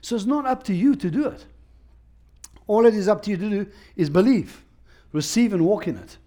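A male preacher delivering a sermon with a voice pitched a little above the usual for a man. He presses his points through repetition and restarts, speaking in a plain, conversational way with emphasis. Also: expressive, moderate pace, warm tone.

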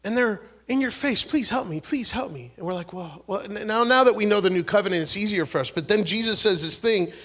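A man preaching a sermon, swinging between loud exhortation and hushed, whispered prayer, acting out the voices he quotes. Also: fairly high pitch. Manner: acts out quoted voices, repeats words and restarts.

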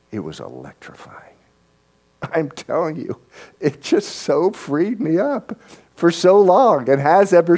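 Earnest, halting male pastor preaching. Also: fairly high pitch, a little mellow. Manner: earnest, halting, repeats words when starting sentences. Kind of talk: sermon.

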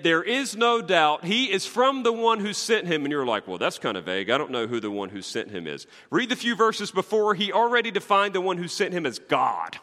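A man's voice: on the high side, sharp tone. A man preaching a sermon, voicing scripture quotes with dramatic emphasis. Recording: long hall reverb.

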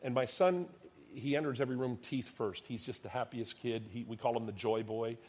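A man in his thirties, a pastor preaching a sermon, telling a personal story and acting out the dialogue, dropping to soft, quiet tones at tender moments. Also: mid-range voice, brisk, breathy edge. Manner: animated storyteller, acts out quoted dialogue, drops to soft tones.

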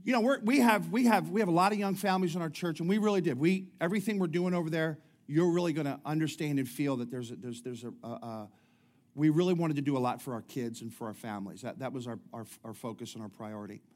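A man's voice: a little high, fast, darkish tone. A middle-aged man preaching a sermon, talking in a chatty way with jokes and many restarts. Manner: conversational preaching with humorous asides and frequent restarts. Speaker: pastor.

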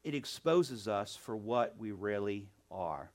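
A male pastor preaching a sermon in church, animated, often calling out "amen?" and "right?". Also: lowish voice, takes it slowly.

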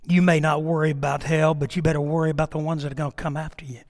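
A middle-aged man preaches from the pulpit with a notably high voice. He swings from emphatic, rising declarations to hushed, quiet lines. His words ring out with a long reverb through a church sanctuary. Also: level tone, quick pace. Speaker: pastor. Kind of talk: sermon.

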